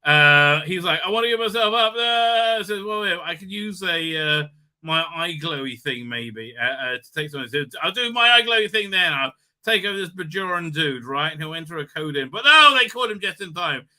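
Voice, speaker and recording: A man with a piercingly bright, tense voice sitting a little high for a man, rambling through a live recap stream. He stacks up fillers and swears casually as he goes. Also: expressive, moderate pace.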